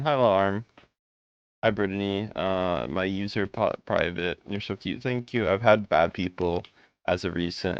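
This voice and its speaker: A man's voice: sits low, clean tone, dry recording, dull audio. A tired man casually chatting with viewers during a live gaming stream, greeting them by name with rambling asides.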